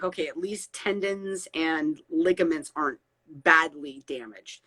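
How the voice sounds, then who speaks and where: Bright-voiced woman telling her story. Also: low voice, no room sound, rough recording. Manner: tearful, repeats phrases when moved. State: crying. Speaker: guest. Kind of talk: emotional personal testimony.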